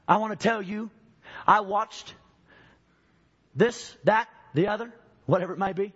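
A man's voice: sits high, unhurried, a bit bright, breathy edge, lo-fi sound, pitched above the performer's own voice, full character voice. A man voicing Satan as a sly male accuser reading off sins, within a sermon illustration. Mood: accusing.

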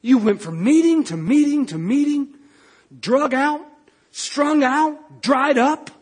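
A man's voice: extremely high pitch, slow pace, a little mellow. A man voicing a scornful, whispering male devil in a sermon retelling, mocking and accusing. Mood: taunting.

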